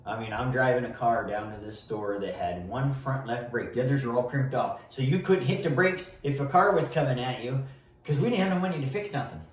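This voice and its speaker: A man's voice: medium pitch, brisk, slight background noise. A middle-aged man telling his life story in a rambling, folksy, casual way, often restarting his sentences. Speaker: interview guest giving testimony. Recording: echoey room, mic at a distance.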